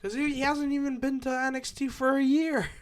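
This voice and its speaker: A man with a notably high voice chatting casually about wrestling. He is laid-back and teasing, dropping swear words as he goes. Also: level tone, a little fast. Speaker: podcast co-host.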